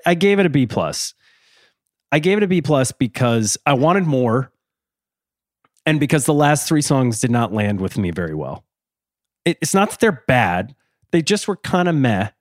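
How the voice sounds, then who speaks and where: A man's voice: mid-range voice, very animated, moderate pace, long pauses, no room sound, clean studio sound. Earnest man in casual podcast chat. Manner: earnest, thoughtful, easily laughing. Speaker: podcast co-host. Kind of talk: casual chat reviewing music.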